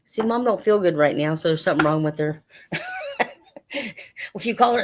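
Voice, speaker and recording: A woman's voice: deep voice, animated, moderate pace. A woman hosting an online sale, talking casually and rambling with lots of fillers as she prices each item. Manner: chatty, rambling, with many fillers. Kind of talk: casual live sale patter.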